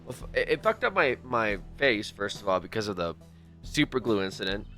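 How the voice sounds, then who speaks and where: A man's voice: on the low side, big pitch swings, brisk, pushed and bright, faint music behind. A man livestreaming a game, talking loosely and jokingly to his chat, swearing and calling them dude. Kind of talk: casual gameplay stream chat.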